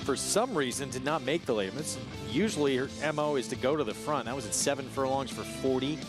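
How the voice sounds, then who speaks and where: A man co-hosting a horse racing broadcast, giving quick, matter-of-fact takes on the runners. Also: medium pitch, expressive, over music. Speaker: racing analyst.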